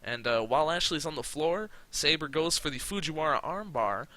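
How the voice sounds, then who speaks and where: A man's voice: on the high side, lively intonation, moderate pace, bright, forceful tone, dry recording. A man hosting casual let's-play commentary, rambling with fillers, swearing and frequent laughs. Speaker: gaming channel host.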